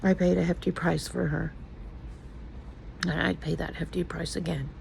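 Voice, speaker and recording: Gravelly-voiced older woman vlogging. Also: fairly low pitch, level tone, moderate pace, darkish tone, a little hiss or hum, low-quality recording. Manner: emotional, rambling, confiding. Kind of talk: casual personal vlog talk.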